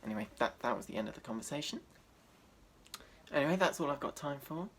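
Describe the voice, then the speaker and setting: A man, doing a deadpan, self-deprecating stand-up set. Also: mid-range voice, quick pace. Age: 20s. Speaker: stand-up comedian.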